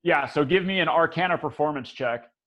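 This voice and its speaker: A man's voice: a little high, brisk, lo-fi sound. A man running a tabletop game as dungeon master, rambling with frequent restarts and laughter.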